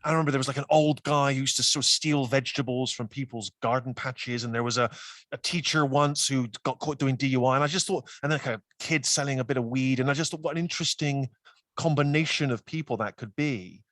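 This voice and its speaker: West country guy, middling pitch, dry close sound, tells wry self-mocking stories. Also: fast, a bit bright, dry recording. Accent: West Country English. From West Country, England. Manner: wry storytelling, self-deprecating. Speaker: guest. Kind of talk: casual chat.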